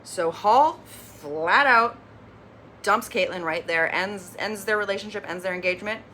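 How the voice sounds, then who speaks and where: A woman hosting a casual TV recap vlog, animated and opinionated, with lively, candid commentary. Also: medium pitch, measured pace, slight background noise. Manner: animated, opinionated, acts out quotes. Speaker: recap reviewer, channel host.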